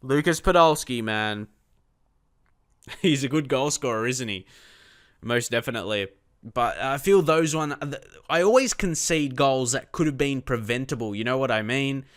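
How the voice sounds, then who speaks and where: A young man chatting through live gameplay, talking to himself and his viewers and erupting in frustrated shouts at his players. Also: medium pitch, expressive, measured pace, dry recording, studio quality. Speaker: gaming YouTuber.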